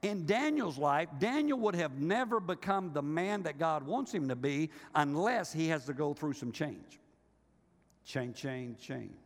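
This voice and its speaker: An older male pastor delivers an animated sermon, slipping into quoted voices and teasing his congregation. His fairly high voice rises and falls widely. The sound carries the long reverb of a large hall. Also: moderate pace, few pauses.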